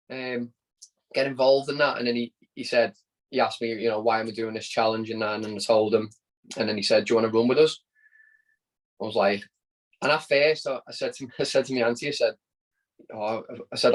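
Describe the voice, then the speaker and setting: A man's voice: mid-range voice, rough recording. A man from Liverpool with a Scouse accent, a podcast guest telling a story in casual chat, often repeating words as he goes. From Liverpool, England.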